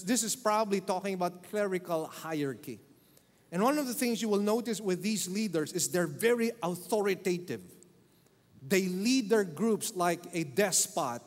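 A man preaching a sermon as pastor, emphatic and repeating key phrases for stress. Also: sits high. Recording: long hall reverb.

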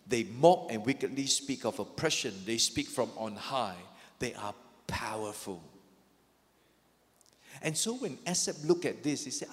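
A man preaching a sermon as a pastor, emphatic, acting out the psalmist's lament with rising energy. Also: lowish voice. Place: church sanctuary. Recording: long hall reverb.

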